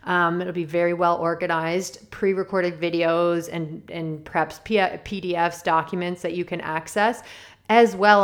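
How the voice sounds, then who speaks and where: Woman, podcast host, lowish voice, bubbly and self-deprecating, rambles and giggles. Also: fairly bright tone. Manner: chatty and self-deprecating, laughs often and digresses; enthusiastic and upbeat. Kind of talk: casual solo podcast monologue.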